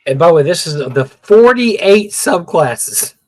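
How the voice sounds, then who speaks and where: A man's voice: high-pitched, big pitch swings, a little slow, no room sound. A middle-aged man co-hosting a casual gaming livestream, blunt and opinionated, often repeating words as he talks. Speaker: podcast co-host.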